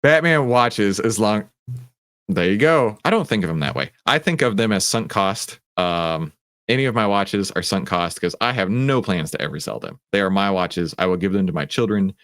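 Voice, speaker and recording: A man hosting a live trading Q&A stream, talking in an animated, rambling, self-mocking way. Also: low voice, smooth, no room sound, clean studio sound. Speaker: trading coach and stream host.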